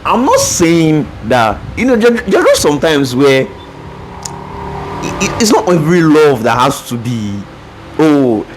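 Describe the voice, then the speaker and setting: A man's voice: on the high side, huge pitch swings, a little slow, low-quality recording. A young man from Nigeria co-hosting a podcast, speaking casually with frequent restarts and fillers. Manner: hesitant, many restarts and fillers. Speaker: podcast co-host. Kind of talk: casual chat. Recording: faint background noise.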